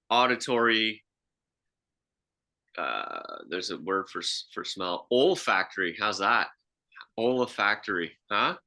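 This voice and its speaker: Guy chatting on a podcast, fairly low voice but really bright, rambly and reflective. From half Swiss. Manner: reflective, storytelling with frequent restarts. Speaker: podcast co-host. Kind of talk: casual chat.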